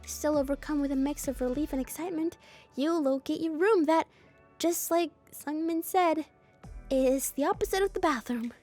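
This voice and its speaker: A high-pitched woman reads a story game aloud to her viewers, switching between the narration and playful, expressive reactions of her own. She teases herself over her slips as she goes. A little music plays quietly behind her. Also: normal speed. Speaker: game streamer.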